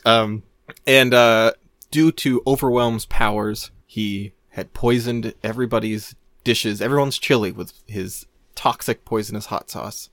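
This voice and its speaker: A man's voice: lowish voice, a bit bright, no room sound, studio quality. A man on a casual podcast telling a long rambling story, laughing often and restarting his sentences. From Maine, USA. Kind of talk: casual chat.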